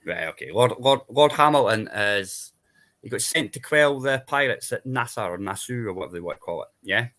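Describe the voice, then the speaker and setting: Bright-voiced Scottish man rambling on. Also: medium pitch, expressive, a little fast. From Scotland. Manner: rambling explainer, tag questions like "yeah?". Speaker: panel guest. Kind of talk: casual chat.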